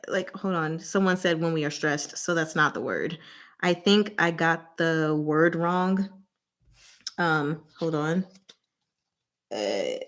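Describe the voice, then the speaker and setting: A woman hosting a casual livestream word game. She gives clues in short, deliberate fragments and laughs often. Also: fairly low pitch. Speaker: channel host running a livestream game.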